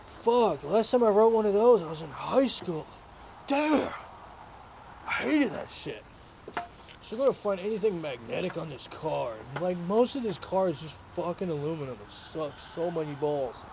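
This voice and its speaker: Gravelly, high-voiced man joking crudely. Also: very animated, moderate pace, noisy background. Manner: crude, profane joking banter. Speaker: vlogger working on his car. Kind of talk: casual chat while working on a car. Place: home garage, working on a car.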